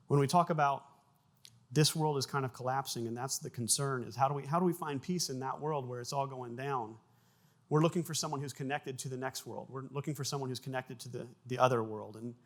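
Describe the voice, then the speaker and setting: Man, pastor, conversational sermon, mid-pitched voice, casual restarts. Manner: conversational preaching with restarts, bursts of loud acted sound effects.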